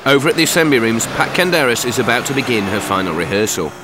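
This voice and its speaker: A man of mid pitch narrates a documentary in a measured, matter-of-fact voice. Loud music plays under his words throughout. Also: animated. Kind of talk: scripted narration.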